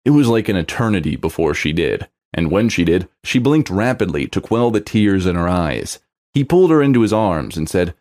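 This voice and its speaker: A man reading a romance story aloud in scripted narration, with an expressive delivery. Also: low voice, normal speed.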